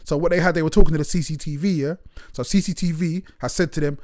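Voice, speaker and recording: Fast-talking animated man. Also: on the high side. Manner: animated storytelling, swearing, acting out exchanges. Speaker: host. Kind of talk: casual live chat.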